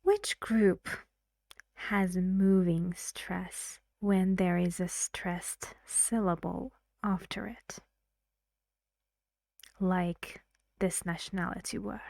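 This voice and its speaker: Slow, patient woman teacher. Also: lowish voice, fairly even intonation, creaky, darkish tone, dry recording, clean studio sound. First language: Persian. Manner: patient, explains step by step and asks learners questions. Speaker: English pronunciation teacher. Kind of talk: online pronunciation lesson.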